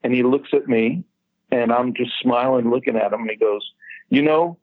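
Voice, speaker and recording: Male guest storyteller, husky and dry, chatty with casual swearing, heard over a slightly dull line. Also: medium pitch, steady tone, fairly quick, dry recording. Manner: chatty storyteller, swears freely, laughs at his own punchlines. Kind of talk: casual anecdote over a call.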